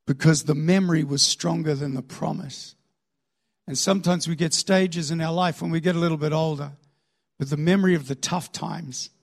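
A middle-aged male preacher giving a sermon with animated comic storytelling, acting out crowds and shouting, then dropping to soft earnest tones. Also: on the high side, creaky, breathy edge.

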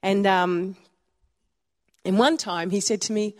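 A woman's voice: mid-range voice, normal speed, long pauses. Australian woman pastor, echoing hall. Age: 50s. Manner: warm storytelling, conversational with frequent chuckles. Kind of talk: sermon. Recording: long hall reverb.

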